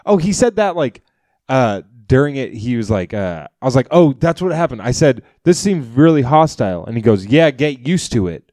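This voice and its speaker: A man's voice: mid-range voice, moderate pace, no echo, studio quality. A man, a comedian and podcast co-host, telling a story in casual chat, acting out quotes and swearing freely. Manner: animated storyteller, acts out quotes, swears a lot. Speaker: podcast co-host, stand-up comic.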